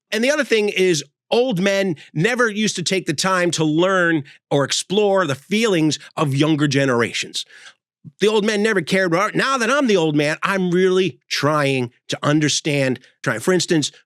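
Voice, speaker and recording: A man in his sixties giving a sarcastic, animated comedic monologue as host. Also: high voice, moderate pace, no echo. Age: 60s.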